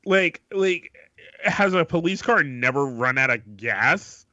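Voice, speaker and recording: A man's voice: a little high, lively intonation, slow, bright, forceful tone, dry recording. A man co-hosting a podcast in casual banter, rambling with lots of fillers and swearing, on a dull lo-fi mic. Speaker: podcast co-host.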